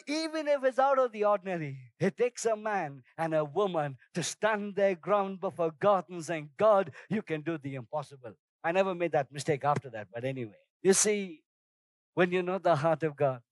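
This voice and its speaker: Male pastor, high-pitched, sermon with lively personal anecdotes, dry recording. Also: no echo. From outside Singapore, first trip abroad. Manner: storytelling, animated shouts in anecdotes.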